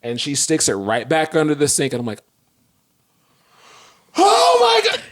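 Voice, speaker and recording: A man's voice: medium pitch, quick pace. A man co-hosting a podcast, telling a story in casual chat and acting out his own outrage with self-mocking humor. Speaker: podcast co-host.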